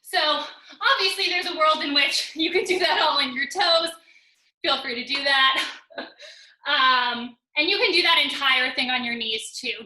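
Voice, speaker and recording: This woman's voice is high-pitched, bright and forceful as she runs a live online workout class. Slightly winded, she coaches upbeat, counting down intervals and reps, cueing form and cracking jokes, and the recording has a roomy echo.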